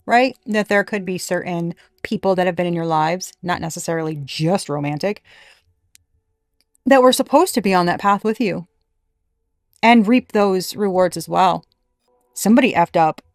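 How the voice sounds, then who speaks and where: A woman giving a casual tarot reading, blunt and animated, swearing freely. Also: mid-range voice, dry recording, studio quality. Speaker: tarot reader.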